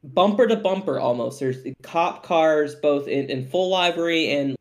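A young man co-hosting a podcast, telling a story in casual, profane, animated chat and often laughing. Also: a little high, moderate pace. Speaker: podcast co-host.

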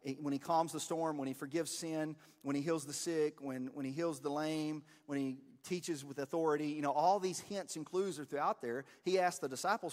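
A man's voice: on the high side, steady tone, moderate pace, few pauses, darkish tone, in a large hall. A man preaching a sermon as a pastor, in a conversational, earnest way with many fillers and restarts.

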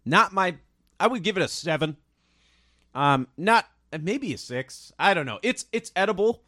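Lively, cursing podcast co-host man. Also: high-pitched, normal speed, no echo, clean studio sound. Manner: animated, swearing, laughing often. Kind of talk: casual chat.

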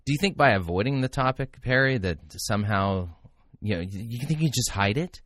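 A man's voice: mid-range voice, animated, brisk, a bit bright, no room sound. A man giving critical, sarcastic commentary on a sermon clip, into a close mic. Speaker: commentary host reviewing a sermon.

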